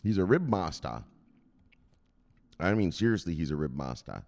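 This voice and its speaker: A man's voice: sits low, sing-song, moderate pace, creaky, a little mellow. A man who hosts a crypto news show, chatting casually in a joking, profane, rambling way. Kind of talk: casual livestream chat.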